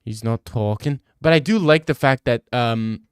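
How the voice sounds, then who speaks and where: A young man chats casually on a live stream, answering his chat in a brash, joking manner and swearing a lot. His medium-pitched voice moves at normal speed with a clear, resonant tone, recorded at studio quality with no room sound.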